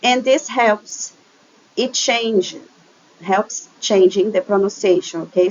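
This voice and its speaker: Woman, Brazilian Portuguese accent, English teacher, unhurried, keeps asking "okay?", dull lo-fi sound. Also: medium pitch, a little hiss or hum. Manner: patient, checks in with frequent "okay?". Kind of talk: recorded online lesson over slides.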